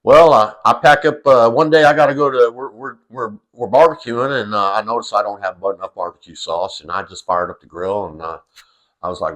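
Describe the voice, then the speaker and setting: Here the middle-aged man talks a little fast in a low, slightly bright voice. It's casual storytelling: a funny family anecdote told loosely, with lots of fillers, restarts and an occasional curse word.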